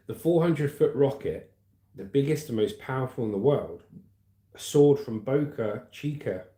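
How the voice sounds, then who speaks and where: A man's voice: mid-range voice, warm tone. Chatty man in his forties. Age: 40s. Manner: chatty, laughs often, reads comments aloud. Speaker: livestream host. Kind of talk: casual livestream chat and news reading. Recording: echoey room.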